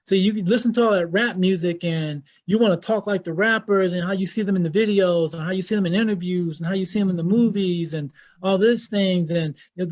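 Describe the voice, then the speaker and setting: A man's voice: high voice, darkish tone, lo-fi sound. A man with an American accent, a guest Islamic scholar speaking in an impassioned, blunt way and repeating himself for emphasis. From United States. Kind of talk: impassioned interview talk.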